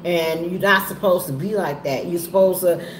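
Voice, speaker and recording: A woman talking candidly to her viewers in a halting, heavy way, often repeating herself. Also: on the low side. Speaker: vlogger and trucking business owner. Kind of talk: candid personal talk to viewers. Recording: echoey room with faint ambient noise.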